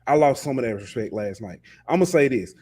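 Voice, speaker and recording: A man's voice: mid-range voice, animated, brisk, mellow, slight background noise. A man co-hosting a sports podcast, ranting passionately in casual talk and often repeating words. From lives in Alabama. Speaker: podcast co-host.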